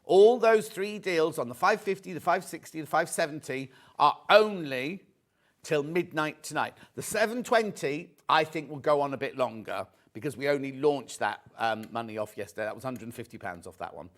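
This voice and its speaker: A man's voice: a little high, lively intonation, normal speed. A man presenting a live sales show in a TV studio, chatty and jokey as he pushes deals and reads out viewer messages. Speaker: shopping channel presenter.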